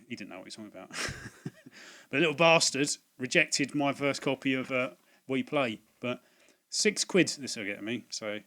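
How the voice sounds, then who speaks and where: A man's voice: medium pitch, pushed and bright. A man hosting a casual video about things he bought, rambling and chatty with many fillers, recorded at home on a laptop mic. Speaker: video host. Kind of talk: casual unboxing vlog. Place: home room at dusk. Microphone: laptop built-in mic.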